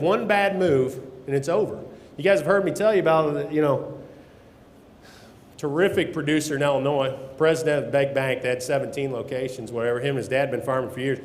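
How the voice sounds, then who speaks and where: A man's voice: medium pitch, slight background noise. A man giving a blunt, folksy conference talk, swearing now and then, recorded through a microphone in a conference hall. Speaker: keynote speaker on grain marketing. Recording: echoey hall, long reverb.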